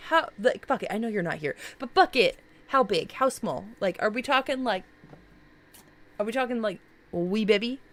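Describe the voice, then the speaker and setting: A woman's voice: medium pitch, expressive, moderate pace, fairly bright tone. A woman streamer in casual live-stream chat, reacting to viewers' characters in a bubbly, gushing way with many fillers.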